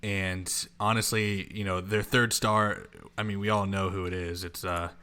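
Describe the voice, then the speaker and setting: A man's voice: low-pitched, flat delivery, measured pace, pushed and bright, smooth. A man co-hosting a casual sports betting podcast, blunt and confident, swearing freely as he makes his picks. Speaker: podcast co-host.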